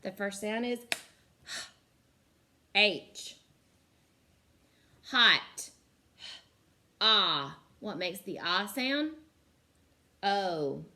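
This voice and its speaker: Teacher lady sounding out little words real slow for kids, bright clear voice. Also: medium pitch, animated. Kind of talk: slow phonics lesson for young children.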